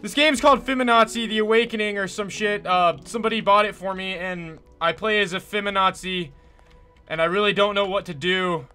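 A man's voice: high-pitched, moderate pace, pushed and bright, smooth, soft background music. A young man commentating a game he plays, exasperated, sarcastic and swearing often. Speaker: gaming YouTuber.

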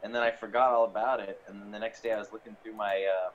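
A man's voice: fairly low pitch, level tone, fast. A man rambles through an anecdote in easy, casual chat, trailing off with fillers as he goes. The audio is dull and lo-fi, with a faint ambient hum underneath. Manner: rambling storyteller with fillers and laughs. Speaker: player. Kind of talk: casual chat while streaming a game.

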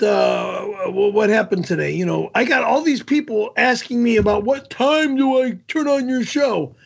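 A man hosting a live stream, talking to his chat in a blunt, irritated way and explaining things slowly. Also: very high-pitched, creaky, breathy edge, highs cut off. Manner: angry, yelling and cursing at chat; slow, over-explaining.

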